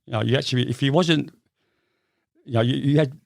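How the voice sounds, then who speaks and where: A man's voice: medium pitch, fairly quick, gravelly, dry recording, studio quality. An older man from England, telling long stories in a rambling, casual way with many fillers. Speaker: guest. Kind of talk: casual storytelling interview.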